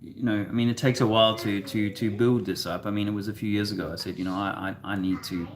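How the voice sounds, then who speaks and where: A man co-hosting a casual chat, rambling and halting, with many fillers and restarts. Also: fairly low pitch, fairly even intonation, a crowd in the background. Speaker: co-host.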